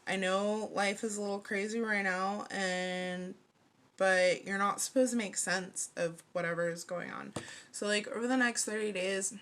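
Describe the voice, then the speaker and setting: A woman's voice: medium pitch, steady tone, moderate pace, fairly bright tone. A woman in her thirties giving a casual tarot reading to camera, chatty and playful, leaning on "like" and laughing often. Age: 30s. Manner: chatty, fillers of "like", frequent laughter, playful slang. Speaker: tarot card reader.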